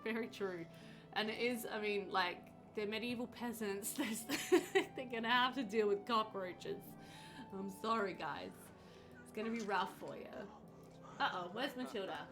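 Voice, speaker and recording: A woman streaming a game live, chatting with her viewers, reading their comments aloud and reacting with bright exclamations. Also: medium pitch, moderate pace. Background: game music.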